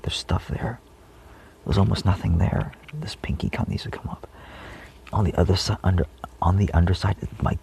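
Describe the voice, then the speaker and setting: With a low, gravelly voice carrying a slight hiss or hum, the vlogger drifts through spiritual musings. Fillers pile up, the talk meanders, and he often fades into a whisper.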